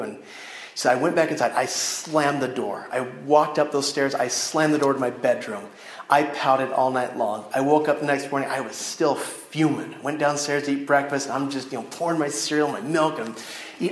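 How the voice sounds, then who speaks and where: A man's voice: mid-range voice, moderate pace. A man giving a storytelling sermon to a youth audience from the stand of a church chapel, talking straight to his listeners. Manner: animated storytelling that addresses the audience directly. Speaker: youth speaker. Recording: echoey chapel room.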